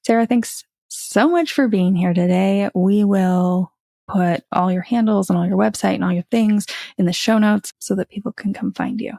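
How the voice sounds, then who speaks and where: Earnest woman host, gravelly edge. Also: medium pitch, moderate pace, dark tone, no echo, studio quality. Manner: earnest, reflective, upbeat. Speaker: podcast host. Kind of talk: casual podcast chat and outro.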